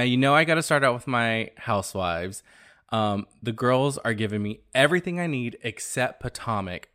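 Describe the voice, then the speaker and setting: A man hosting his own podcast, talking in a casual, animated and gossipy way, often exclaiming. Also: fairly low pitch. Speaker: podcast host.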